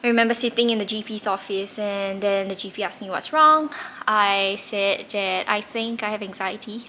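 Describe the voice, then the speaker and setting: A woman's voice: medium pitch, sharp tone, a little hiss or hum. A woman, candidly telling a personal story in a reflective way, with occasional laughs. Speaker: tarot reader recounting her past.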